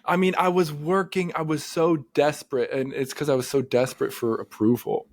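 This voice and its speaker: A man, a therapist co-hosting a podcast, talking casually and telling earnest, animated stories. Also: on the high side, a little fast, no echo, clean studio sound. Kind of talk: casual conversation.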